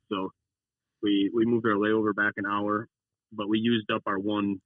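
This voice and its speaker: A man's voice: fairly low pitch, no echo. A young man telling a rambling race story in a casual call, acting out what he and his teammate said. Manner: rambling storyteller, acts out his own quotes. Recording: dry tinny phone line.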